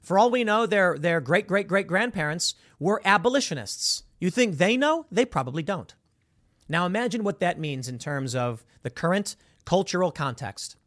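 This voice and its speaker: A man hosting an opinion commentary show, talking in a sarcastic, mocking and animated way about a video. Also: high voice, normal speed, no echo, studio quality.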